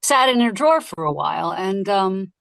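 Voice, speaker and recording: A woman who narrates audiobooks, talking casually and lively in an interview and laughing easily. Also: mid-range voice, creaky, no room sound. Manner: lively, chatty, quick to laugh.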